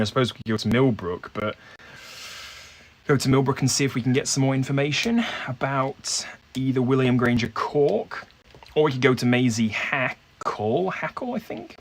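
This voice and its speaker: A man's voice: mid-range voice, a little hiss or hum. A man playing a detective board game alone, reading the case aloud and musing hesitantly over the leads. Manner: hesitant, musing, many fillers. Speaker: solo game player and narrator.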